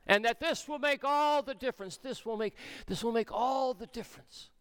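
A male pastor preaching a sermon, swinging between soft, low passages and raised, emphatic ones. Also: moderate pace, smooth.

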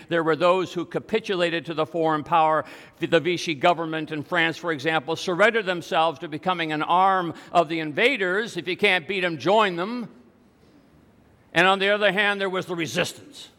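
High, bright-voiced preacher man in a reverberant church. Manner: storytelling preacher, rhetorical questions. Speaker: pastor. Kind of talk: sermon. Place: church sanctuary. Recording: long reverb of a church hall.

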